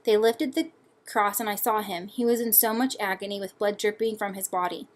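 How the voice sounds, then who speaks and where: A young woman and student reading her personal essay aloud in an earnest, measured way. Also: mid-range voice, fairly even intonation.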